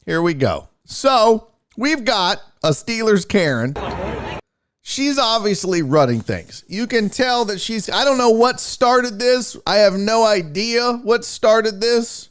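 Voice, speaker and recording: A man hosting a sports show, casually breaking down a video clip in animated, profane commentary. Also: sits high, takes it slowly, clear, resonant tone.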